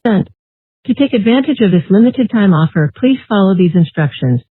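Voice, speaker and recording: Woman, automated voice, flat, robotic, tinny phone line, dry. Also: mid-range voice, fairly quick, breathy edge, no echo. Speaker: automated scam call.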